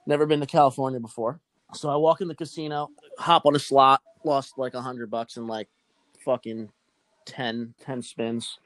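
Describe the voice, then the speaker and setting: A man's voice: mid-range voice, steady tone, moderate pace, no room sound. Profane young man telling a rambling story. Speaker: podcast host. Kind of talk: casual storytelling chat.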